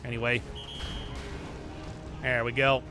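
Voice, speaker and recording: A man's voice: medium pitch, level tone, takes it slowly, music in the background. A man streaming a video game, chatting casually and rambling with self-mocking humor. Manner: rambling, self-mocking, laughs at his own jokes. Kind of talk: casual gameplay commentary.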